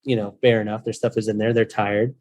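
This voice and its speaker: A man of Mexican heritage, a rental-business guest on a podcast, telling a story in a playful, animated way with acted-out quotes. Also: fairly low pitch, brisk. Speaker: guest, short-term rental host. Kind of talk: casual storytelling.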